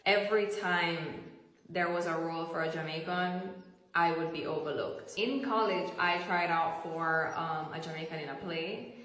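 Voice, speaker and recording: A woman's voice: fairly low pitch, normal speed, fairly bright tone. A woman speaking earnestly and frankly to camera. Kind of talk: earnest direct-to-camera talk. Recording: echoey room with long reverb.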